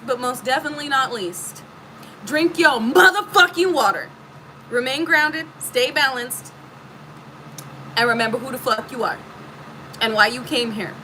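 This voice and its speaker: A woman's voice: high voice, moderate pace, pushed and bright, a little hiss or hum, poor audio. A woman giving a casual spiritual reading to her viewers, emphatic and preachy, swearing freely. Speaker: spiritual reader.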